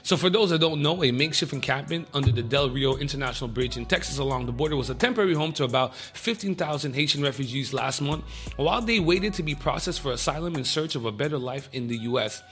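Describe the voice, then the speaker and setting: A man hosting a radio show, reading the news in a casual, excitable way with jokey asides. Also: on the high side, fast talker, soft background music.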